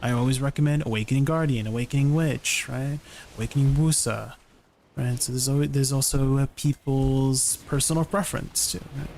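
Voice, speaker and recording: A man's voice: mid-range voice, fairly even intonation, fairly quick, gravelly, darkish tone, slight background noise. A man streaming a game, chatting casually and answering questions from chat. He often ends his sentences with "right?". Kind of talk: casual livestream chat while gaming.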